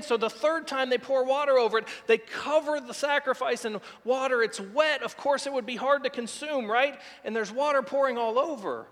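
A pastor delivers a sermon, narrating a scripture story with vivid quoted dialogue. His speaking voice sits very high for a man. The sound rings with the long reverb of a large church sanctuary. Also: fairly quick, hardly any pauses, fairly bright tone.

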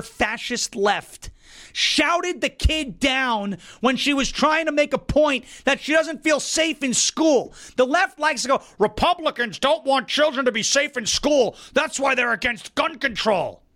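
A man's voice: sits high, fairly bright tone. A man hosting an opinion show, delivering indignant, emphatic commentary. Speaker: political commentary host.

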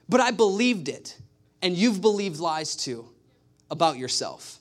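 A man preaching a sermon, telling stories with animated, emphatic repetition. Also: high voice, a little slow. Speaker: pastor.

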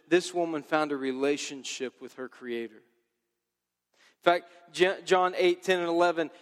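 A male pastor preaching a sermon in a casual, joking, lively way. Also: sits high, in a large hall.

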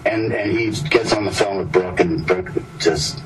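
Low-voiced man telling rambling stories. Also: a little slow, over music. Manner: meandering, self-interrupting, often breaks off mid-sentence; chuckles at his own stories. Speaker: storyteller. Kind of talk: rambling anecdotal storytelling. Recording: distant mic with clear background noise.

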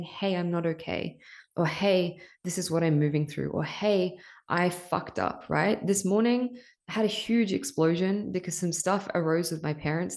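Low, gravelly woman sharing openly. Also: a little mellow. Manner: emotional, confessional, swears freely. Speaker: podcast host. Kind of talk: candid personal monologue.

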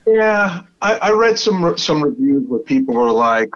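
A man's voice: medium pitch, normal speed, fairly bright tone. Brooklyn man chatting on a muffled recording. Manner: enthusiastic, swears freely, rambling with restarts. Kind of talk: casual chat.

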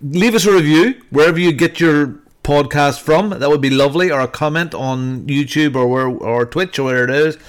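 A man's voice: a little high, moderate pace, few pauses. A man hosting a podcast in a casual, jokey way, rambling with plenty of fillers. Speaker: podcast host.

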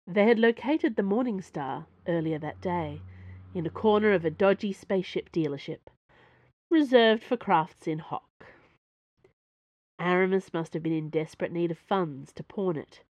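A woman reading her own serialized fiction aloud, expressive and lively storytelling. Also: fairly low pitch, normal speed, no echo, dull audio. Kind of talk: scripted fiction narration.

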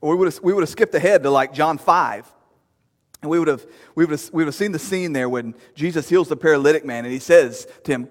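Male pastor, high-pitched, conversational but emphatic sermon delivery; reverberant church sanctuary. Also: fast. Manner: conversational, emphatic preaching with rising peaks. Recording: long hall reverb.

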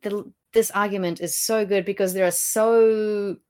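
A woman co-hosting a podcast, chatting in an animated, exclamatory way and throwing herself into the discussion. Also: medium pitch, a little slow. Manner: animated and exclamatory, acting out quotes. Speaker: podcast co-host. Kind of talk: casual discussion.

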